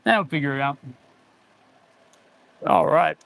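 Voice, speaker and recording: A man's voice: a little high, measured pace, gravelly, fairly bright tone. A man in his forties, an auto mechanic hosting a casual livestream, rambling and answering viewer chat as he goes. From United States.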